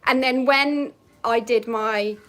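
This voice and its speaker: Young woman, slightly high voice, casual balcony vlog storyteller with a quick laugh. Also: steady tone, fairly bright tone. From England, Norfolk. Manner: chatty, laughs often, acts out remembered lines. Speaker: vlogger. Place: outdoors on a balcony.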